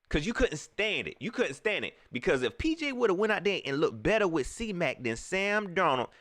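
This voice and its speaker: A man ranting in casual slang about football, repeating his points with animated emphasis. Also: on the high side, no room sound, clean studio sound. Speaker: sports vlogger. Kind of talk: casual sports rant.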